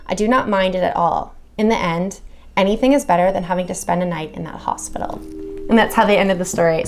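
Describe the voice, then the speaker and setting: A woman hosting a video channel, reading horror stories aloud and then chatting casually with viewers, swearing freely and gushing. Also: mid-range voice.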